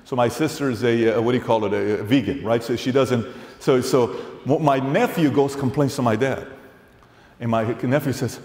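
A man's voice: mid-range voice, normal speed. Emphatic man speaking in an echoey hall. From Middle East. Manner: animated storytelling, acts out dialogue; blunt and emphatic. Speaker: keynote speaker. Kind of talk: motivational keynote speech. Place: large event hall. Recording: echoey hall with long reverb.

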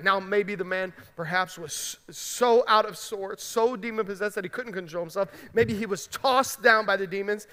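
Man, pastor, high bright voice, emphatic conversational sermon, long hall reverb. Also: clean tone. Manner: emphatic, conversational preaching with frequent "right?". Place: large church sanctuary.

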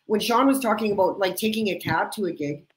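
A woman's voice: medium pitch, brisk, a little hiss or hum, rough recording. A woman hosting a casual chat, telling stories and laughing often. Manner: laughs often, upbeat storyteller. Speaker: podcast host.

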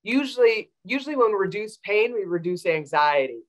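A woman's voice: mid-range voice, expressive, a little fast, rough recording. A woman veterinarian answering audience questions on a video call, explaining with many fillers. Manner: warm, explanatory, with frequent fillers.

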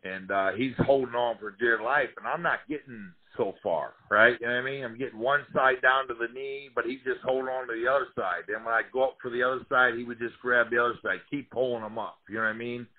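A man, a former fighter, telling wild career stories in a casual, profane, animated way. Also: medium pitch, a little fast, hardly any pauses, slightly rough. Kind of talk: casual storytelling interview. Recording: tinny phone-like line.

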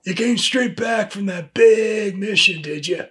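A man's voice: sits high, measured pace, a bit bright. A man playing a dry, exasperated HR boss. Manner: dry, pointed, repeats the name. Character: exasperated male HR supervisor. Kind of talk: comedy sketch acting.

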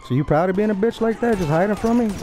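Young male gamer, cocky taunting trash talk, slightly high voice, headset mic, faint noise behind. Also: lively intonation, fast, warm tone. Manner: taunting, profane, boastful. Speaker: gamer streaming online play. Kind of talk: trash talk over game voice chat.

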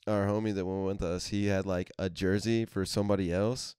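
A man's voice: deep voice, brisk, clear, resonant tone, dry recording, clean studio sound. A young man on a casual podcast, telling rowdy, profane stories with lots of laughter. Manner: profane, animated storytelling, laughs often. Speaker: podcast host. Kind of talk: casual chat.

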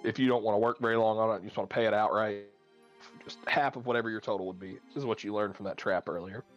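A man's voice: lowish voice, steady tone, fast talker, muffled recording, faint music behind. A man narrating as game master in a tabletop game, thinking aloud with many fillers.

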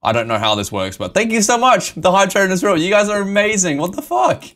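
A man live-streaming a game, excitable and emotional, swearing and laughing often as he talks to his chat. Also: high-pitched, a little fast.

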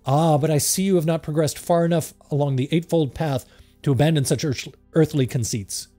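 A man's voice: fairly high pitch, a little fast, mellow, soft background music, close to an everyday voice. A man voicing a theatrical fake-mystic woman medium with grandiose, wailing incantations.

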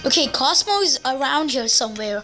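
A woman hosting a let's play, excitable and jokey, exclaiming at every surprise. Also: high voice, a little fast. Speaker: gaming channel host. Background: game music.

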